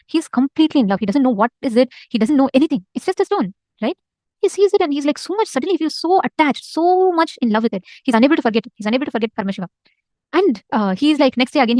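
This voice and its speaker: Woman storyteller, rapid-fire and animated, somewhat high voice, dry close sound, devotional tale told casually. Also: dry recording. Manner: animated, emphatic, repeats phrases for effect. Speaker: storyteller in a spiritual session.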